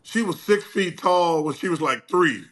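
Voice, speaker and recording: An older man telling stories as a guest in a casual chat, acting out quoted dialogue with lively energy. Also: a little high, normal speed. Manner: animated, acts out quoted dialogue.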